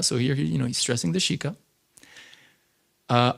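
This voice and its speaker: A man teaching a scripture class in a temple, lecturing in an animated, conversational way with frequent fillers. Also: mid-range voice, normal speed, vocal fry, long pauses.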